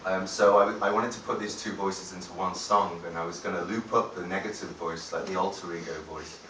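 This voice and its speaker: A man's voice: low-pitched, fairly even intonation, a little fast, fairly bright tone, slight background noise. A man, a singer-songwriter, chatting to the crowd between songs in a rambling, hesitant way, swearing freely, recorded live at a gig from an audience camera. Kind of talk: stage banter between songs. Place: live music venue. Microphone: far-off audience camera. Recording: echoey gig hall from far off.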